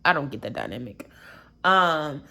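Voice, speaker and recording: Young woman, lowish voice, casual gossipy recap vlogger with sarcastic asides. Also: very animated, creaky, bright, forceful tone. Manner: chatty and gossipy, quick asides and sarcastic quips.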